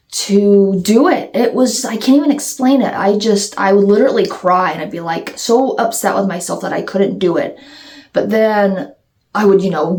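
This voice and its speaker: A woman's voice: mid-range voice, darkish tone. A woman talking candidly to her viewers in a casual Q&A vlog, rambling and restarting her sentences as she goes. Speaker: YouTuber answering viewer questions.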